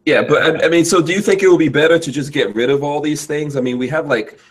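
A man's voice: fairly high pitch, quick pace, breathy edge. A man hosting a casual podcast chat, asking questions and making joking asides. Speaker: podcast host.

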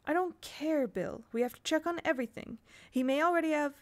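A woman reading aloud, voicing a smooth, falsely charming grown woman with a bright, sweet manner that turns cold and tight. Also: sits high, a little fast, voice pushed up, lightly acted. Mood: falsely pleasant.

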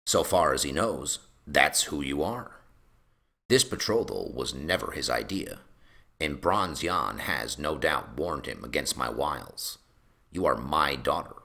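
A man voicing a calm scheming lord. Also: very deep voice, full character voice. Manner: calm, measured and persuasive. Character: scheming smooth middle-aged lord, Alayne's father. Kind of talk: fan audiobook reading.

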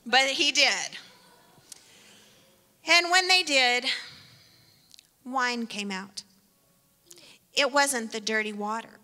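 A woman's voice: a little high, slow, pauses often, pushed and bright, in a large hall. A woman giving a playful children's sermon with an object lesson, speaking directly to kids by name in a church sanctuary.

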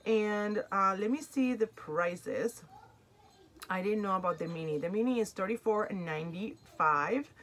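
A woman's voice: mid-range voice, unhurried, a bit bright, slight background noise, rough recording. A woman with a non-native English accent hosting an unboxing vlog, chatty and effusive. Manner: chatty and effusive, easily moved. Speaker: unboxing channel host. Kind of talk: casual vlog chat.

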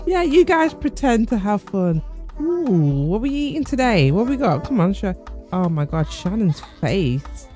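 A woman's voice: mid-range voice, big pitch swings, measured pace, dark tone, faint music behind. A woman giving amused, chatty commentary over her game as channel host. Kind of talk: gameplay commentary.

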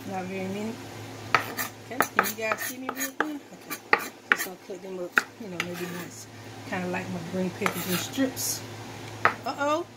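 Chopping vegetables at home, this woman talks to her viewers in a folksy, chatty cooking-demo style. She speaks at a normal pace in a mid-range voice and pauses often, while loud knife work and kitchen clatter make the clip very noisy.

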